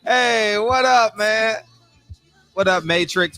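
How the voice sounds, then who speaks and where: A man's voice: high voice, unhurried, sharp tone, soft background music. A man hosting a casual livestream, greeting viewers by name and ranting loosely with plenty of swearing. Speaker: livestream host. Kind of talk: casual chat.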